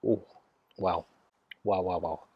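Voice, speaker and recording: A man, from Nottingham, casually reviewing a beer in hushed, half-whispered tones, recorded on a phone mic out in his garden. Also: low-pitched, fairly even intonation, slow pace, slightly rough, no room sound, highs cut off. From Nottingham, England. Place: outdoors in a home garden.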